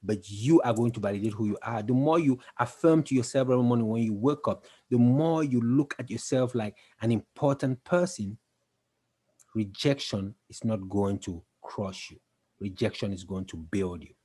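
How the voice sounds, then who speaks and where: A man's voice: medium pitch, moderate pace, warm tone, husky. A man giving an emphatic, repetitive motivational talk, building to intense passages. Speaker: motivational speaker.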